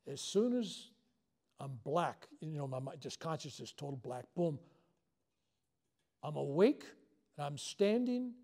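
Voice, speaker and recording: Man, somewhat high voice, self-deprecating humor, live workshop storytelling, spiritual teacher. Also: gravelly, dark tone. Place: workshop before a live audience.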